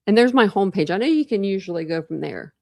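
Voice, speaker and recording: A woman's voice: medium pitch, animated, quick pace, gravelly, warm tone, no room sound. A woman in her forties at home, chatting casually on a live stream in a rambling way, full of "like" fillers. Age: 40s. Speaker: true crime YouTuber on a live stream. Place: at home, room with couch and cat.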